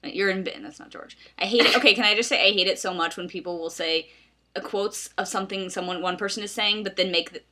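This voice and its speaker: A woman's voice: mid-range voice, quick pace, sharp tone. A woman casually reading a fan story aloud with a friend, sarcastic, laughing often and swearing freely. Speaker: fanfiction reader and commenter. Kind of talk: casual mocking read-aloud.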